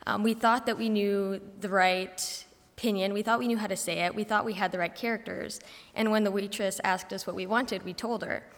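A young woman student giving an informal class presentation, telling a story in a relaxed, anecdotal way. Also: medium pitch, brisk. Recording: reverberant hall sound.

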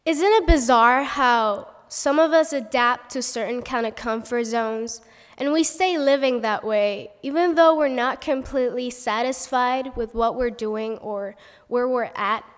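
High-voiced young woman, hall echo. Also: unhurried. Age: young adult. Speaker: theater student speaker. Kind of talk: prepared speech. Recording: long hall reverb.

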